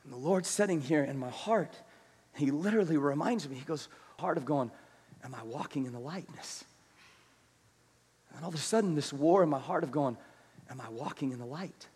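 High-voiced preacher in a reverberant hall. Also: male voice, lively intonation, slightly rough. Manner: swings between hushed, slow scripture reading and loud, rapid exhortation; calls on the congregation to repeat words. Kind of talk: sermon.

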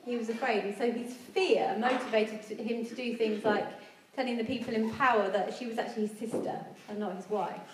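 Woman, sermon, earnest and chatty, fairly high voice, far from the mic in a very echoey hall. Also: steady tone, a little fast, background noise. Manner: earnest, conversational, acts out quoted voices. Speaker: preacher.

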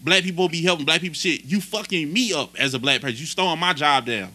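A young man co-hosting a podcast, telling a story in casual, animated, profane chat. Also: on the high side, fast talker. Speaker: podcast co-host.

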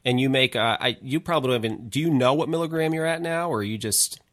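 A man hosting a casual live talk show in a chatty, informal way with halting restarts. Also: medium pitch, a bit bright, no room sound, clean studio sound. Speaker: host. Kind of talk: casual chat.

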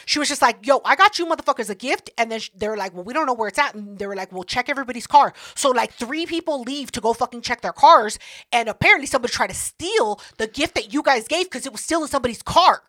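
Here a woman in her thirties, hosting a podcast, rattles through a casual story at a fast pace in a voice on the high side. She swears heavily and acts out others' words with animation, and the recording has no room sound.

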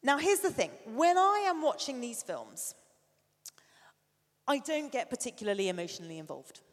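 A middle-aged woman preaching a sermon, an animated storyteller who sometimes drops to a soft near-whisper. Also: high voice, moderate pace. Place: church hall. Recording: long reverb of a large hall.

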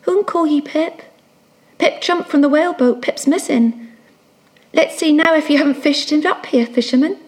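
A woman doing a high, crazed young ship's boy. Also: moderate pace, a little mellow, close to an everyday voice. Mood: wandering. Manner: sing-song, wandering, rambling. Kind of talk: audiobook reading.

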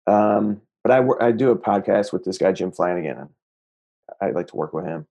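Husky low-voiced male comedian guest. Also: lively intonation, fairly quick, warm tone, lo-fi sound. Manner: easygoing, trails off with fillers. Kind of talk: casual chat.

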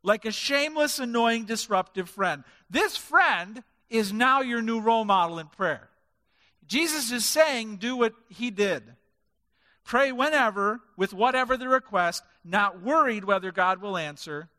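This pastor preaches with lively intonation and an unhurried pace, his high, bright voice pushed hard. He drives each point home emphatically through piled-up lists of words. The sermon echoes around a reverberant hall.

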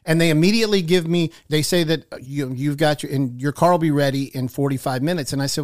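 A man co-hosting a radio talk show, telling a wry, animated story in casual chat. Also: fairly high pitch, fast talker, hardly any pauses.

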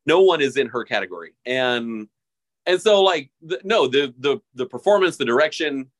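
A man co-hosting a podcast in casual chat, lively and quick to mimic others. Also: mid-range voice. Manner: animated, mocking quotes in an exaggerated voice. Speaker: podcast co-host.

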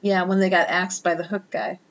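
A woman's voice: on the low side, little pitch movement, fairly quick, highs cut off. A woman co-hosting a podcast who reacts in a casual, joking, easily spooked way. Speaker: podcast co-host. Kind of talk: casual chat.

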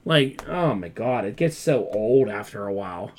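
A man's voice: lowish voice, lively intonation, normal speed, darkish tone. A man co-hosting a casual wrestling podcast, ranting with exasperation and mimicking fans in quoted voices. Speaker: podcast co-host.

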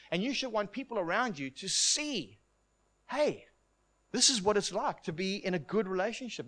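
A man's voice: on the high side, a bit bright. A middle-aged man preaching a sermon in an earnest, heartfelt way, often repeating words as he starts a thought.

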